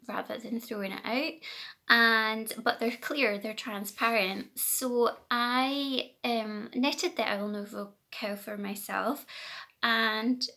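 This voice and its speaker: Scottish woman, knitting vlogger, slightly high with vocal fry, chatty and self-correcting, home phone recording. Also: pushed and bright. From Scotland. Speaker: knitting podcast host. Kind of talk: casual chat to camera. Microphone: phone camera.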